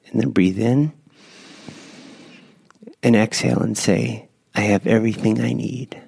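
A man guiding listeners through a slow, gentle breath prayer. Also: lowish voice, fairly even intonation, gravelly, slightly rough, no room sound. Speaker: prayer leader.

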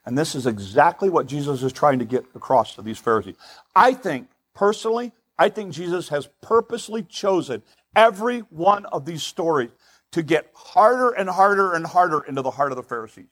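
A man's voice: on the high side, sing-song, a little fast. A male pastor preaching a sermon in an emphatic, conversational way, often repeating words for stress.

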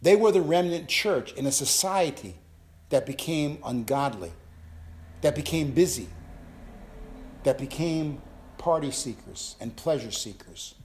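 An older man preaching an impassioned sermon as a pastor, dropping to low asides and rising to loud, high calls. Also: lively intonation, measured pace, long pauses, slight background noise.

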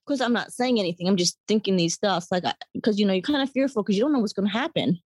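A woman guest telling her personal story in a halting, reflective way. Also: medium pitch, darkish tone, slightly rough, no room sound. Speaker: interview guest. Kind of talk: personal testimony.

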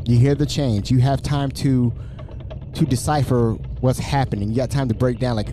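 A man hosting a casual solo podcast, excitable and stumbling over repeated words, his voice a little raspy. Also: medium pitch, fairly quick, noisy background. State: slightly raspy from screaming. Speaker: podcast host.

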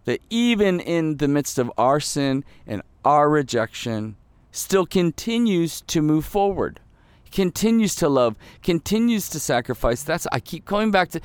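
A man preaching a sermon in an earnest voice that drops soft and low, then rises with emphasis. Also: dry recording. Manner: earnest, swings between soft intimate lows and rising emphatic peaks. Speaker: pastor.

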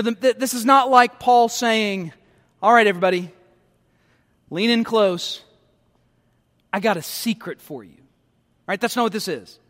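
A man preaching as a pastor, animated, asking the congregation rhetorical questions and repeating points for emphasis. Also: high-pitched, big-room sound. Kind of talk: sermon.

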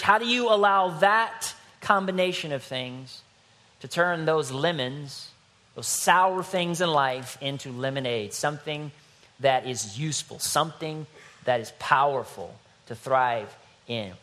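A man's voice: mid-range voice, sharp tone. A father and pastor preaching to his congregation, telling stories in a conversational way with dry sarcasm. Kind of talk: sermon. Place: church hall before a congregation.

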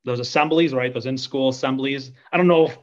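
A man's voice: mid-range voice, brisk, highs cut off. Rambling man telling a story. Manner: rambling, self-deprecating, many fillers. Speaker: podcast guest. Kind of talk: casual storytelling.

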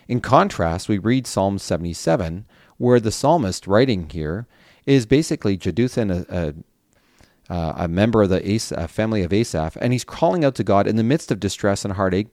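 A man's voice: lowish voice, a little mellow, no echo, clean studio sound. A man hosting a Bible reading, who reads passages aloud and reflects on them in an earnest way, now and then stumbling and restarting a word.

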